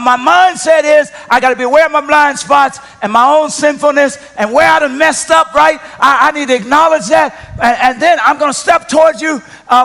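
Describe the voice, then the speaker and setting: A male pastor delivering a sermon, emphatic, restarting his phrases and swinging from quiet moments to loud ones. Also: very high-pitched, gravelly.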